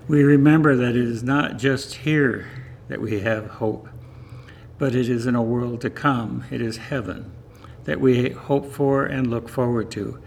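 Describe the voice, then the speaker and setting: A man as pastor giving a sermon in calm, gentle short phrases. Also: mid-range voice, unhurried, creaky, a little hiss or hum.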